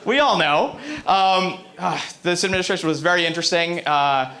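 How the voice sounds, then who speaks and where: Brash, bright-voiced American man doing stand-up. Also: high voice, moderate pace. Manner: brash, profane, rambling asides to the crowd. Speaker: stand-up comedian. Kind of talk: stand-up comedy set. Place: comedy club stage.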